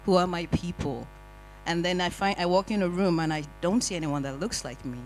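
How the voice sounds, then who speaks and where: A panel speaker telling lively, wry personal stories in a discussion. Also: medium pitch, a little fast, a little hiss or hum, low-quality recording. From Nigeria. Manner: animated, wry storytelling with acted-out quotes. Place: community hall panel.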